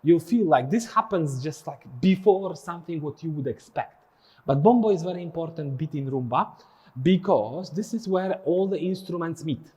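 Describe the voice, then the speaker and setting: Male dance teacher, slightly high voice, counting beats and scatting drum patterns. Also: expressive, moderate pace, warm tone, slightly rough. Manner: counts and sings drum rhythms aloud. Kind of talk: follow-along dance lesson.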